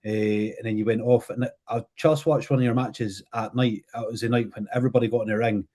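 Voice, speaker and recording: A man's voice: mid-range voice, fairly even intonation, warm tone. A man hosting a podcast, speaking hesitantly with many restarts. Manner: hesitant, halting. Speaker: podcast host. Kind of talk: casual chat.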